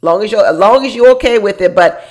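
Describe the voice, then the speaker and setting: A woman's voice: medium pitch, quick pace, a little mellow. A woman hosting a casual recap show, chatting to her viewers in a gossipy, laughing way about a reality program. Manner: speaks straight to viewers as "y'all".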